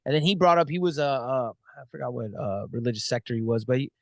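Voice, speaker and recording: A man's voice: medium pitch, lively intonation, quick pace, gravelly, dry recording. A man co-hosting a podcast, talking earnestly in casual chat and telling stories with acted-out quotes. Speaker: podcast co-host.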